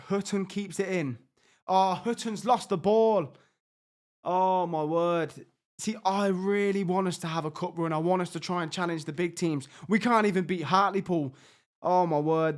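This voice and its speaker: Brief: high-pitched gamer, excitable, frustrated reaction commentary. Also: male voice. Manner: exasperated, excitable, talks to his players. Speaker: gaming YouTuber. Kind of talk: live reaction commentary on a football management game.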